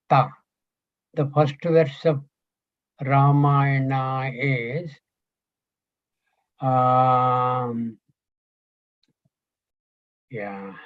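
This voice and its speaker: An older man teaching a scripture class, slow and thinking aloud as he quizzes his students. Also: medium pitch, no echo. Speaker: Gita teacher. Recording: dull lo-fi recording.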